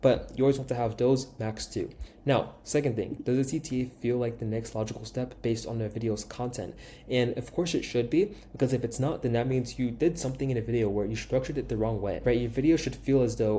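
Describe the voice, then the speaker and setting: A young man talks quickly through his tips, coaching creators on their channels. His voice is dark and mellow. He keeps things casual and emphatic and tosses in "right?" after his points. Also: mid-range voice, a little hiss or hum. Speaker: YouTube growth coach. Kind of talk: talking-head teaching video.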